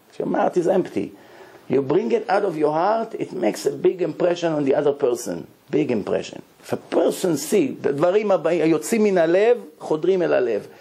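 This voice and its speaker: A man, a rabbi telling stories in a lively sermon and acting out the people in them. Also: high voice, husky. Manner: animated storyteller, acts out pleading and crying. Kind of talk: storytelling sermon.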